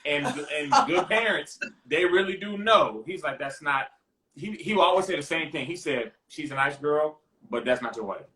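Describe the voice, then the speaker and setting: Expressive man telling a story, echoey room. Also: on the high side, moderate pace. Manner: expressive, mimics voices in stories. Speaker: guest. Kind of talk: casual testimony chat.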